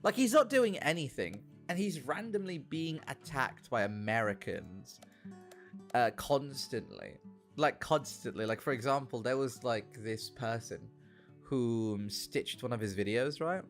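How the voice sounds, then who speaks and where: A man chatting on a gaming stream, telling rambling stories in an animated way and swearing a lot. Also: medium pitch, unhurried, soft background music. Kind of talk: casual gaming stream chat.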